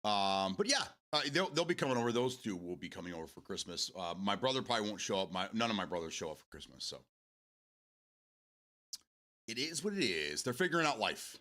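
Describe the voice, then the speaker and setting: A man's voice: on the low side, very animated, fast, few pauses, pushed and bright. A man hosting a live stream, chatting casually with his viewers, swearing freely and drifting off on tangents. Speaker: livestream host.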